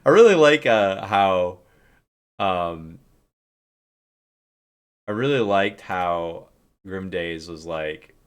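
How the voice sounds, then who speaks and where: A man's voice: deep voice, extremely slow, long pauses, clean tone. A man streamer telling stories about game clips in casual chat, laughing a lot as he talks. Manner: animated storytelling, laughs often.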